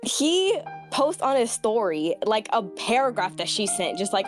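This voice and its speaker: Female caller, dramatic gossip, high and very animated delivery. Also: normal speed, music in the background. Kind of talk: casual storytelling.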